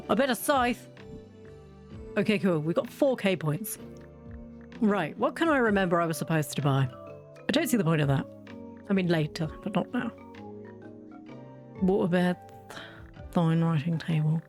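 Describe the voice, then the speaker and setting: Female let's-play host, chatty and self-mocking, average pitch, faint music bed. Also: darkish tone. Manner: rambling, self-mocking, giggly. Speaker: gaming streamer. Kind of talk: casual let's-play chat.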